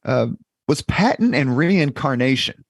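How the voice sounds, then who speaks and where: A man's voice: medium pitch, very animated, measured pace, dry recording, studio quality. A man in his fifties hosting a podcast, asking questions with thoughtful personal lead-ins. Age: 50s. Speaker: podcast host. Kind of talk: interview questions.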